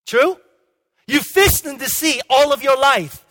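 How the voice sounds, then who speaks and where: A male pastor preaching a sermon with emphatic swings between loud and hushed delivery, and frequent restarts. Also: very high voice, expressive, a little slow. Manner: frequent restarts and "okay?" checks. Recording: long hall reverb.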